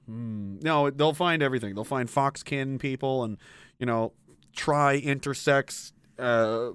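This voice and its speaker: A man's voice: mid-range voice, a little fast, fairly bright tone, clean tone, no room sound. A man giving ranting political commentary, sarcastic and exasperated, with swearing.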